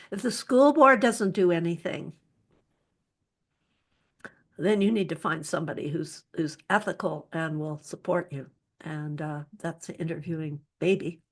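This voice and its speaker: A woman with a somewhat low voice talks through psychological safety with earnest, practical advice. She often restarts her sentences as she goes. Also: normal speed. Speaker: speaker.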